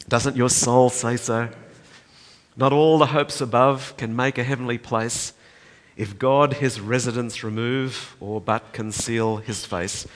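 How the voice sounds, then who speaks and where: An older man preaching a sermon, swinging between loud emphatic peaks and soft, hushed passages. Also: mid-range voice, fairly even intonation, measured pace. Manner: impassioned, rising to loud emphatic peaks then dropping soft. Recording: reverberant hall.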